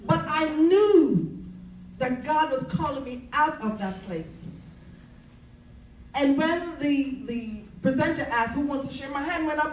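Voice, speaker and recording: A woman's voice: high voice, expressive, unhurried, darkish tone, a little hiss or hum. Earnest woman preaching her testimony, roomy. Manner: earnest, preaching cadence with repeated phrases. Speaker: speaker sharing personal testimony. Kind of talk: faith-based testimony talk. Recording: roomy, distant mic.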